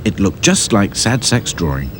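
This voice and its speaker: A man narrating a children's storybook in a lively, sing-song way. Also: on the low side, normal speed, slight background noise. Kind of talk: storybook reading.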